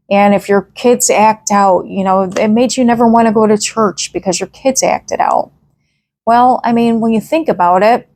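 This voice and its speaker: A woman's voice: medium pitch, a little mellow. Woman podcast host, a mom, earnest storyteller, mid-range voice. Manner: earnest storytelling, repeats "I said" while retelling. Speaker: mother. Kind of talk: casual podcast monologue.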